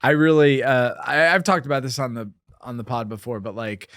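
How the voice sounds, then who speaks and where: A man's voice: medium pitch, steady tone, fairly bright tone, dry recording, clean studio sound. A man hosting a comedy podcast, chatting casually and riffing on his guest's stories. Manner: laid-back listener, chuckles and quick riffs. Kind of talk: casual chat.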